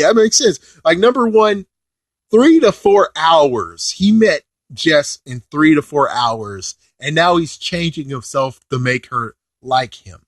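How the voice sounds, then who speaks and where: A man giving a casual, rambling review of a show, excitable, with mild swearing and filler phrases. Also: a little high, dry recording, studio quality. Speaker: video reviewer.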